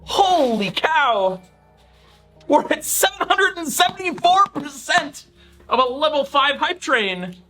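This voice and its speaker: A woman's voice: high voice, sing-song, slow, pushed and bright, faint music behind. A woman chatting casually on a live stream, gushing thanks to viewers and coaxing her dog.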